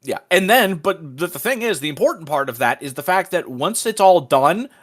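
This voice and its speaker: A man's voice: a little high, expressive, moderate pace, a bit bright. A man co-hosting a casual gaming podcast, easygoing and a little hesitant, dropping lots of fillers. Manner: easygoing, hesitant, frequent backchannel hums. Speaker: podcast co-host. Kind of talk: casual chat.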